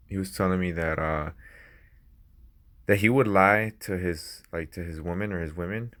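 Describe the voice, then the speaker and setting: A man's voice: sits low, a bit bright. A man talking off the cuff about his own relationships, rambling, laughing and swearing casually into a small personal mic. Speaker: vlogger. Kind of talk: unscripted casual talk.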